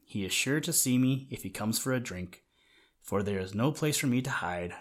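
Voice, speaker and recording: A man doing a sad croaking old frog. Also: mid-range voice, animated, normal speed, close to an everyday voice. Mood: forlorn. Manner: choky, croaking.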